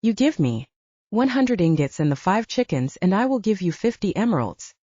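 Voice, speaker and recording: A woman's voice: medium pitch, very animated, moderate pace, dark tone, no room sound, dull audio. Woman voicing a wry young hero. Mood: bargaining.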